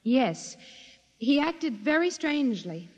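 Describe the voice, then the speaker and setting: An actress playing an earnest secretary testifying in an old radio drama. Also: female voice, high voice, sing-song, slow, a little mellow, exaggerated voice. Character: earnest female secretary witness. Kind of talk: 1950s radio drama acting. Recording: long reverb.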